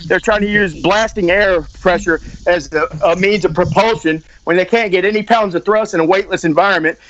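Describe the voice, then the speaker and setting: A man's voice: high-pitched, fairly quick, fairly bright tone, slight background noise. A man arguing in a heated call-in debate, combative and repeating himself over others, on dull lo-fi call audio. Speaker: debate guest.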